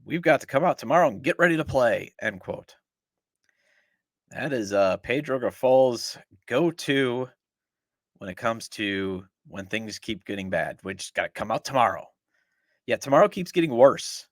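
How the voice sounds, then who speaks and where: This middle-aged podcast host sounds fed up as he sarcastically rants about his team in opinionated sports talk. His medium-pitched voice is animated yet unhurried, recorded at studio quality with no echo.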